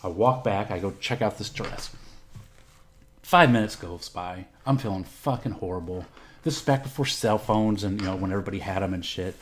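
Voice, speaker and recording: A man's voice: deep voice, normal speed, a little hiss or hum. A middle-aged man from Texas, hosting a podcast and telling a personal story in a candid, profane, rambling way. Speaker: podcast host. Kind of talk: casual storytelling.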